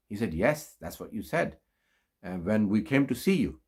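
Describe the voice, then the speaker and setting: A low-voiced man with a gravelly, creaky edge preaches in an unhurried way. He tells a long religious story, filling pauses with "uh" and lifting his voice for emphasis. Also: sing-song, darkish tone. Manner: unhurried, many fillers, rises in pitch for emphasis. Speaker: Islamic preacher. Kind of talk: storytelling sermon.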